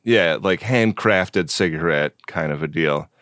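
A man co-hosting a podcast in casual chat, with a hoarse morning voice, telling rambling, self-mocking stories. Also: low-pitched, unhurried, fairly bright tone, no echo, clean studio sound. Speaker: podcast co-host.

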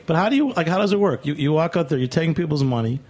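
A man's voice: fairly high pitch, animated, rapid-fire, a little mellow. A male radio host asking probing, teasing questions in casual chat.

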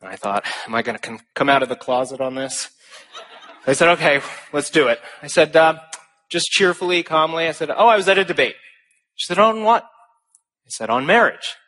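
Bright-voiced young man giving a speech. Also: fairly high pitch, normal speed. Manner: animated, self-deprecating storytelling. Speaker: conference speaker. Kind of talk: speech to a live audience.

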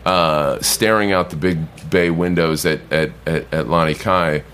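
A man's voice: sits low, measured pace, clear, resonant tone. A man, a bartender guest on a podcast, telling a rambling anecdote casually, swearing and acting out other people's lines. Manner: animated anecdote-teller, swears, acts out others' voices.

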